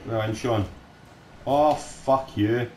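A man swearing and shouting at opponents while playing a game with a friend. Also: mid-range voice, slow. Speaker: gamer recording his play. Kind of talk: casual gaming chat with a friend. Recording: roomy sound with faint noise.

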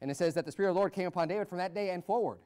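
An American man preaching a sermon as pastor, swinging from loud, rising peaks to low asides. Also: very fast. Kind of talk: fiery Baptist sermon.

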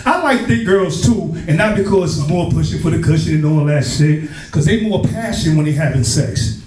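High, lively New comedian on stage. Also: male voice, normal speed, distant mic. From Brooklyn, New York. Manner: loose, profane, animated storytelling with crowd banter. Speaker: stand-up comedian and host. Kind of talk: stand-up comedy. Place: comedy club. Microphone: handheld stage mic. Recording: echoey club recorded from afar, crowd.

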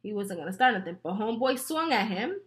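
A woman vlogger chatting casually while doing her makeup, telling a story in an animated, profane way with frequent laughter. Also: mid-range voice, fast talker. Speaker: beauty vlogger.

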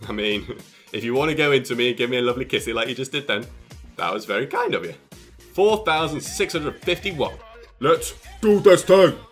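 A young man with an excitable, jokey manner, commentating on his own gameplay and exclaiming often. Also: mid-range voice, brisk, faint music behind. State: out of breath. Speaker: gaming YouTuber.

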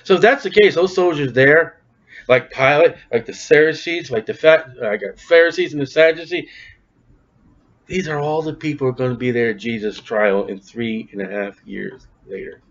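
A man's voice: medium pitch, moderate pace. A man preaching a sermon in a folksy, emphatic way, quizzing his congregation and reading scripture aloud. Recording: dull lo-fi sound.

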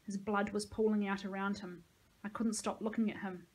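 Female teacher, novel read-aloud, steady plain delivery, mid pitch. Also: moderate pace, breathy edge.

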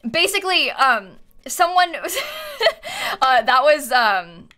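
A woman's voice: sits high, huge pitch swings, takes it slowly, pushed and bright, faint music behind. A young woman streaming live, chatting casually, giggling often and reading her chat aloud with plenty of fillers.

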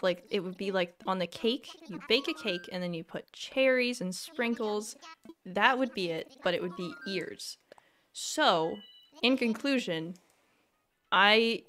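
Chatting casually with her viewers while streaming a video game, this woman often lets out self-deprecating exclamations. She has a medium-pitched, slightly bright voice, and there is a little hiss or hum.

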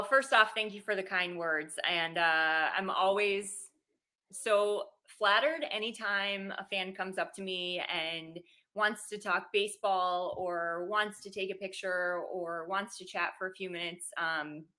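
A woman's voice: medium pitch, fairly even intonation, measured pace, pushed and bright. A woman sports reporter being interviewed over a video call, answering in a gracious, friendly way. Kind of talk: casual interview chat.

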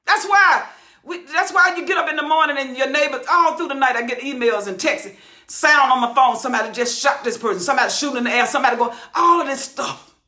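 A woman's voice: sits high, fast talker, bright, forceful tone. A woman teaching the Bible verse by verse, preaching with passion, hollering and repeating phrases for emphasis. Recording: roomy echo.

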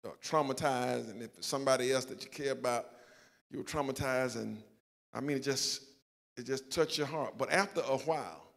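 A man's voice: medium pitch, normal speed, creaky, fairly bright tone, in a large hall. An older man, a pastor with a Southern US accent, telling a self-mocking personal story in a sermon and acting out the quotes. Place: church sanctuary.

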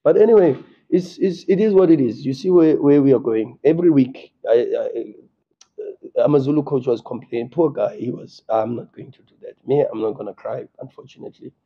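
A man's voice: mid-range voice, brisk, slightly rough, dull audio. A South African man, a football coach at a post-match press conference, speaking with passion and frequent stammering restarts. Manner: impassioned, repetitive, stammering restarts.

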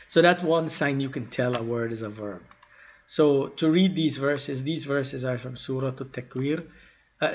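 A man teaching an Arabic grammar lesson in an informal style, reading verses quickly and then explaining them slowly with pauses and self-corrections. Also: mid-range voice, husky, lo-fi sound.

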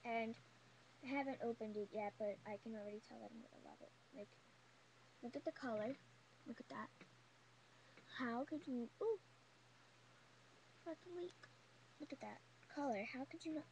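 Young female beauty vlogger, bubbly and gushing, voice sitting a bit high, faint hiss under it. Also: moderate pace, long pauses, a little mellow, low-quality recording. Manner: gushing, chatty, full of "like" and "oh my god". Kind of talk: casual haul video chat.

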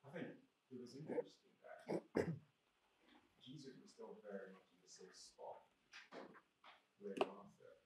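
A man in a Bible study voices a thought tentatively, his pitch rising and falling. He is far from the mic in an echoey room, with loud noise over the recording. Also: animated, a little slow, long pauses.

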